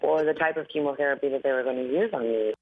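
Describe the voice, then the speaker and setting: A woman's voice: a bass voice, fast. Groggy woman on a tinny phone line. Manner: chatty, laughs often, many fillers. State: groggy, dry voice from a red-eye flight. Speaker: singer and guest. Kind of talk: casual interview chat.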